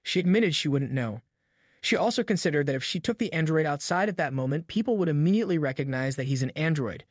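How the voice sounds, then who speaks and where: A man reads a story recap in a steady, even voice that sits a little high for a male narrator. The sound is close and dry, with no room around it. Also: fast, no room sound. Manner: even, steady retelling in third person.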